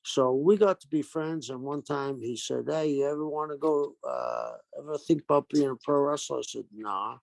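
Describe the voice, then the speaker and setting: Gravelly older man telling wrestling stories. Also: fairly high pitch, moderate pace, few pauses, dry recording. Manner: animated anecdotes with acted-out quotes. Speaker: guest, retired pro wrestler. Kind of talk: storytelling interview.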